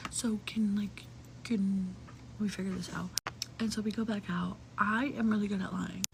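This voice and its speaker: Gravelly young woman telling a story. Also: mid-range voice, fairly even intonation, measured pace, noisy background. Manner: chatty, many "like" fillers, profane, slips into whispery asides. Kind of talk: casual storytime.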